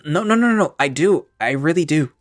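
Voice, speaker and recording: A man's voice: a little high, expressive, fairly quick, dry recording, voice pushed up, lightly acted. A tearful grown man, loyal and heartbroken, his voice trembling and splintering with each word, as a male narrator puts him on. It comes through dry and close, with faint music in the background. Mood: earnest. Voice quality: shaky, cracking voice. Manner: pleading, choked-up. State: crying. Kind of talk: one-man audio drama.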